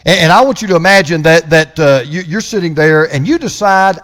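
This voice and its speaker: A man preaching a sermon as pastor, impassioned, swinging from loud proclamation to hushed storytelling. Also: a little high, big pitch swings, brisk.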